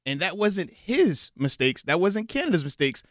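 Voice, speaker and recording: Man, sports co-host, measured and reasoning, slightly high voice, dry close sound. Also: big pitch swings, a bit bright, no echo. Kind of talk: casual sports debate.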